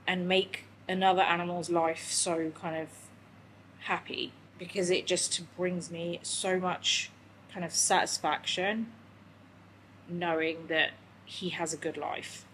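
A woman's voice: fairly low pitch, steady tone, a little slow, a bit bright, a little hiss or hum, rough recording. A young woman chatting candidly in a vlog, emotional and tearful, rambling with lots of fillers. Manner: emotional, rambling, talks to her dog. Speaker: vlogger.

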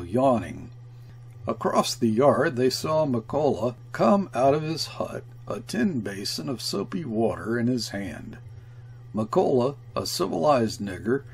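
A man reading a classic short story aloud as narrator, measured and deliberate. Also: mid-range voice, creaky, a little mellow, husky. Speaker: audiobook reader. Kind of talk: literary narration.

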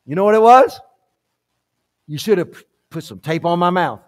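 High-voiced preacher man, fiery and urgent. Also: lively intonation, moderate pace. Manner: impassioned, repetitive exhortation, swinging from hushed storytelling to shouting. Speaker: pastor. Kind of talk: fiery sermon. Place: church sanctuary, live service.

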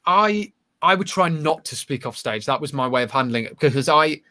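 Man, actor guest, casual chat, self-deprecating, bright. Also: a little high, animated, moderate pace. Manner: rambling, self-deprecating, many restarts.

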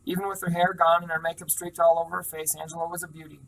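A man reading a first-person novel aloud in a steady, plain manner, with small slips. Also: fairly high pitch, quick pace, vocal fry, recorded from a distance, low-quality recording. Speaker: reader.

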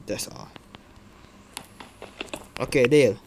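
A man narrates his game in slow, halting, broken English, stopping often for fillers. He talks back to the characters on screen and swears when annoyed. There is a steady hiss of noise under his voice on the recording. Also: mid-range voice, gravelly. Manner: broken, hesitant non-native English with fillers. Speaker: gameplay commentator. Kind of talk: casual gameplay commentary.

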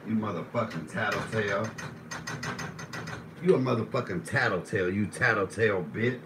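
A man hosting a live stream while cooking, ranting with heavy profanity and swinging between low muttering and raised shouting. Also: moderate pace, noisy background. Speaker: livestream host.

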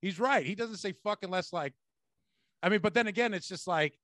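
A man hosting a comedy podcast, telling animated stories in casual chat and swearing freely. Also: sits high, a little fast, dry recording, clean studio sound. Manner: animated storyteller, swears a lot.

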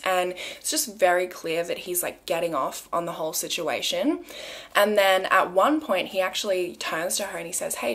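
A young woman with an Australian accent narrates a true crime case in a relaxed, conversational tone. Her voice sits a little low for a woman, and she keeps breaking off into asides and filler phrases as if chatting to a friend.

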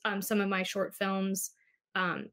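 A woman's voice: medium pitch, monotone, a little slow, a bit bright. A woman filmmaker in her thirties talking reflectively about her work, with some fillers. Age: 30s. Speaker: filmmaker guest. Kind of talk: casual panel chat.

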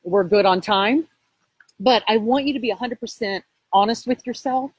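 A woman with a slightly husky voice gives a live coaching talk to her viewers, hammering her points home through repetition. The sound is dry and close, with no room around it. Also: fairly high pitch, moderate pace, dry recording, rough recording. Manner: emphatic, repetitive sales push. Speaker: real estate coach.

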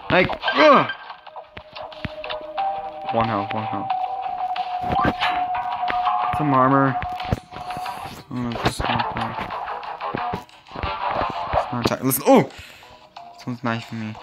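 A man giving casual, excitable commentary over his own gameplay, reacting loudly to what happens. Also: medium pitch, slow pace, long pauses, over loud music, rough recording.

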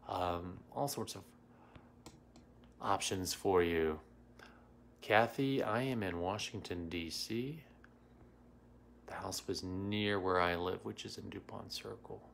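A man's voice: low voice, slow pace, vocal fry, pauses often, a bit bright, slight background noise. A middle-aged man hosting a casual livestream as a psychic medium, greeting viewers by name and answering comments with many fillers. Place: home in Washington, D.C.

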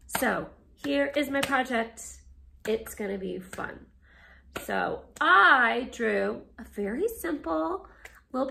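A woman art teacher reading a picture book aloud with expressive, animated storytelling, then explaining a class project. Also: medium pitch, gravelly, a little hiss or hum.

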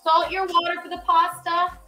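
A woman's voice: very high-pitched, monotone, normal speed, pushed and bright, soft background music. A woman hosting a casual cooking live stream, chatting to her viewers while she cooks and repeating goofy catchphrases. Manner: joking, rambling, repeats silly catchphrases.

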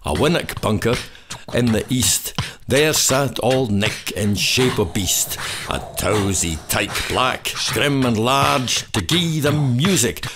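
A man giving a dramatic recitation of a narrative poem in a slow, theatrical storytelling manner. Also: medium pitch. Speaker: poetry reciter. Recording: steady background noise.

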